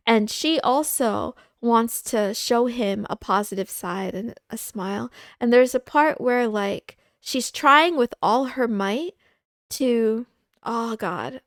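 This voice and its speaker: A woman streamer chatting casually on a livestream, halting and confiding, with frequent pauses and restarts. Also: fairly high pitch, no room sound, studio quality. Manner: halting, with many fillers and restarts; candid and confiding.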